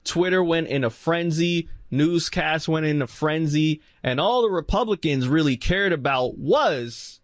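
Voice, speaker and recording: A man co-hosting a casual podcast, talking in an animated way, mocking politicians and breaking into loud exclamations. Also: on the high side, unhurried, hardly any pauses, no echo, clean studio sound. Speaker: podcast co-host.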